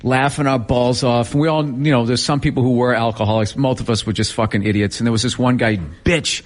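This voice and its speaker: A man's voice: medium pitch, fairly quick. A man, a comedian guest in an interview, telling profane stories in a casual way and laughing often. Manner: profane, animated, laughing storyteller.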